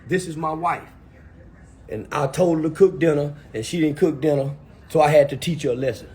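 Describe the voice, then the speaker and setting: A man doing a smug low-voiced husband. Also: steady tone, brisk, a little mellow, natural voice. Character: smug husband excusing himself to police.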